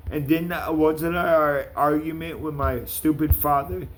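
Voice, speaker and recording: A man's voice: a little high, steady tone, measured pace. A man ranting to camera in a vlog, calling out people by name, with blunt, profane talk. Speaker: vlogger.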